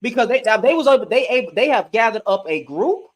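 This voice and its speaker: A man's voice: very high-pitched, lively intonation, a little fast. A young man hosting a heated live debate, ranting fiercely and cursing freely. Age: young adult. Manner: fiery, profane, ranting.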